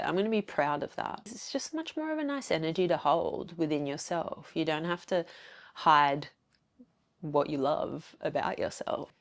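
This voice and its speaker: A woman's voice: low-pitched, creaky. A woman with an Australian accent hosting a solo podcast, talking candidly and reflectively with many fillers. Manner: candid, confessional, fillers and quoted self-talk. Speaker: podcast host.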